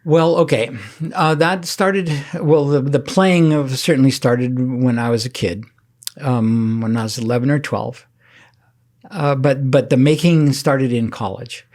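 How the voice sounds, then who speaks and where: Older male guest, halting storyteller, laughs softly as he talks. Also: mid-range voice, steady tone. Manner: halting, many restarts and soft laughs. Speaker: interview guest. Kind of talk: casual storytelling interview.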